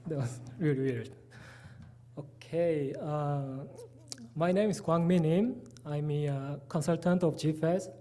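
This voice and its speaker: A man with a Korean accent presents at a conference in a fairly high but mellow voice. He speaks haltingly and restarts words now and then, with plain informal asides.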